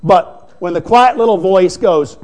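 A man's voice: high voice, a little slow, darkish tone. A male preacher giving a folksy, conversational sermon, full of rhetorical questions and asides to the congregation.

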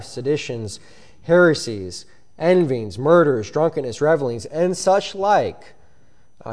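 A man's voice: fairly high pitch, a little mellow. A man preaching a sermon, reading scripture aloud in old-style wording and explaining it earnestly.

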